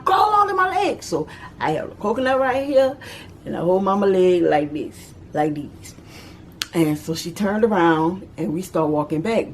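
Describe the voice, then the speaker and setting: A woman telling a childhood story in a casual storytime vlog, animated and quick to act out the voices of the people in it. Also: medium pitch, slight background noise. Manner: animated, acts out voices and shouts.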